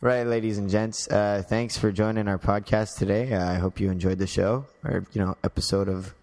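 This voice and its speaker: A young man co-hosting a podcast in casual chat, goofy and deadpan, trying out silly accent impressions. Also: fairly low pitch, moderate pace. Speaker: podcast co-host.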